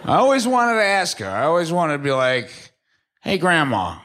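A young man from Staten Island doing a crude, deadpan stand-up comedy set on a club stage. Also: fairly high pitch, a little fast. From Staten Island, New York. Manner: deadpan, crude, shifts into mocking voices for quoted people. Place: comedy club stage before a laughing audience.

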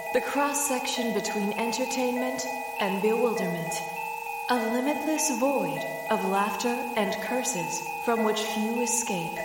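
A woman delivers scripted intro narration in a slow, measured, faintly ominous way, her voice slightly high. It is drenched in long hall reverb, and loud mallet percussion plays behind her.

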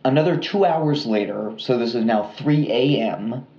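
A man's voice: medium pitch, moderate pace. A man co-hosting a casual true crime podcast, rambling along with fillers and self-corrections. His voice sits in an ordinary middle register. It comes through a slightly muffled recording in a roomy, echoey space. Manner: relaxed, rambling with fillers and restarts. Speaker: podcast co-host.

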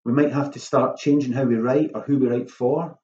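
A man's voice: medium pitch, a little fast, dull audio, a little hiss or hum. A man, a playwright, giving casual, self-mocking writing advice in a workshop talk. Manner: lively, self-mocking, acts out lines in a hushed voice.

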